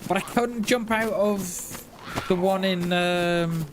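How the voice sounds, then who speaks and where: A man's voice: sits high, slow, background noise. A man chatting casually on a live gaming stream, rambling and laughing at himself.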